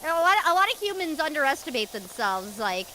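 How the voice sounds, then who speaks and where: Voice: sits high, big pitch swings, quick pace, pushed and bright, a little hiss or hum, poor audio. A co-host on a live stream, talking bluntly and swearing freely in casual chat.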